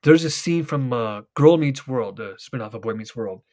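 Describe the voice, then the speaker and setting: A man's voice: medium pitch, lively intonation, normal speed, a little mellow. A young man hosting a casual podcast, rambling and swearing as he retells TV scenes at length. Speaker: podcast host. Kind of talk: casual chat.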